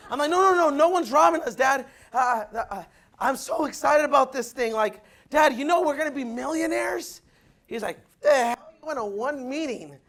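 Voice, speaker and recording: A young man from Southern California speaks to a meeting room in a very high voice. He is fired up, tells stories at speed and keeps asking the crowd if they follow. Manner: excited, storytelling, keeps asking the room "right, guys?". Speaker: motivational speaker at a recruiting meeting. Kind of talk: motivational talk to a live room.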